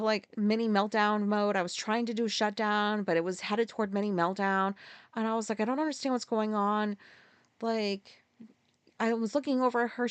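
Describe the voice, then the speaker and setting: Podcast host, woman, fairly high voice, candid and swearing, dry close mic. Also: smooth, dry recording. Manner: halting, profane, with restarts and sudden pitch jumps. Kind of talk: candid personal storytelling.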